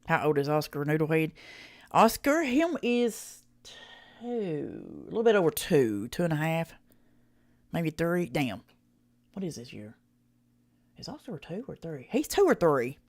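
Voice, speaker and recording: Swearing Southern woman, lively folksy streamer. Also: sits low, a little slow, pauses often, no room sound. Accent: rural Southern US. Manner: folksy, blunt, swears freely, laughs often. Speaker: streamer reacting with chat. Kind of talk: casual live reaction stream.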